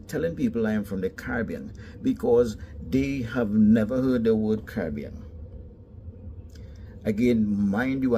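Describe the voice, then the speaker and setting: A man's voice: medium pitch, vocal fry, warm tone, slight background noise. A man from Trinidad and Tobago with a Trinidadian accent, giving emphatic storytelling commentary in casual Caribbean English.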